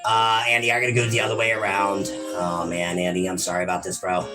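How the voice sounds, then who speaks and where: A man's voice: deep voice, completely flat delivery, fast, over loud music. A man co-hosting a video game playthrough, bantering bluntly with lots of swearing. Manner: blunt, profane, calls partner by name. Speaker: co-host. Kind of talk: let's-play banter.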